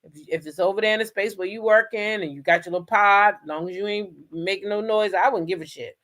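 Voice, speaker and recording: A woman's voice: mid-range voice, fast, a bit bright. A woman hosting a commentary show, talking in a blunt, chatty way and swearing freely. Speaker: commentary channel host. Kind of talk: casual commentary.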